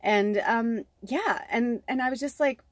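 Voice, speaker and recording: A woman's voice: fairly high pitch, measured pace, dry recording. A middle-aged woman from the south suburbs of Chicago, giving a casual spiritual tarot reading, rambling off on tangents and swearing freely. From south suburbs of Chicago, USA. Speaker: tarot reader and medium.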